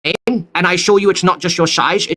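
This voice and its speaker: A man hosting a live stream, defensive and shouting at times, then apologizing over and over. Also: high voice, fairly even intonation, normal speed. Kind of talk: heated live stream argument.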